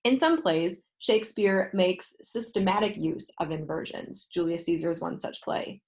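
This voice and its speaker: Lowish-voiced woman teacher explaining a text. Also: normal speed. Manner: steady explanatory delivery with asides and rephrasing. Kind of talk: reading a textbook aloud and explaining.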